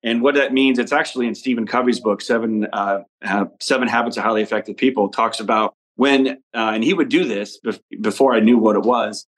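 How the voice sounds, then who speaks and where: A man from Nebraska, a podcast guest talking in a relaxed, rambling way about his upbringing and family. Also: lowish voice, fairly quick, few pauses, low-quality recording. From Nebraska, USA. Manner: easygoing, rambling storyteller. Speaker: podcast guest, father and entrepreneur. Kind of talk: casual interview conversation.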